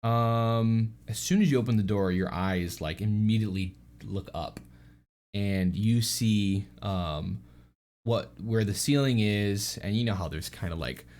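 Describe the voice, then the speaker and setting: A man with a fairly low voice narrates as dungeon master for a tabletop game. His delivery is loose and casual, packed with fillers as he describes the scene to his players. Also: unhurried, a little mellow.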